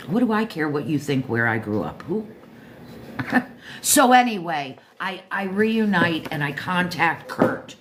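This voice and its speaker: An older woman from Florida with a low, deep voice, hosting her own show and chatting casually about a book, self-joking and talking straight to listeners. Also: big pitch swings, measured pace, slight background noise. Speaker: show host reviewing a book. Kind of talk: casual rambling monologue.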